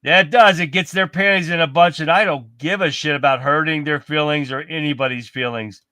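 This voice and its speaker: A man's voice: a little high, a little fast, bright, forceful tone, dry recording. A man hosting a live political commentary stream, reading headlines aloud and reacting bluntly with plenty of profanity. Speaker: livestream host.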